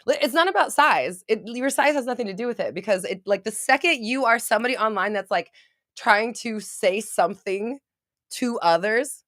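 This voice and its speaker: A woman's voice: mid-range voice, lively intonation, moderate pace, no echo. Candid, laughing woman coach in a dry room. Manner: candid, laughing, swears casually, calls viewers baby. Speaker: manifestation coach and online creator. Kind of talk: casual livestream chat reading comments.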